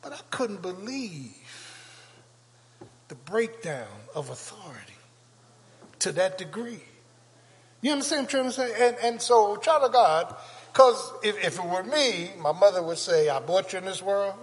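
An older male pastor preaching a sermon with call-and-response, building to shouts. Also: high-pitched, animated, unhurried, pauses often. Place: church sanctuary. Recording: long church reverb.

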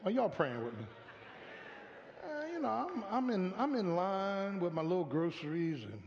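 A man's voice: sits high, big pitch swings, moderate pace, a little hiss or hum. A male pastor preaching a sermon in a church, calling for response from the congregation and repeating his words as he builds. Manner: call-and-response preaching with repeated stammered phrases. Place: church sanctuary. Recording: echoey hall, dull lo-fi sound.

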